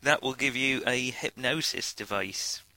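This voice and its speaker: A man's voice: medium pitch, measured pace, sharp tone, dry recording, rough recording. A man acting as game master over a video call, chatty and joking, his sound gurgly and metallic. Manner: chatty, laughing and wisecracking.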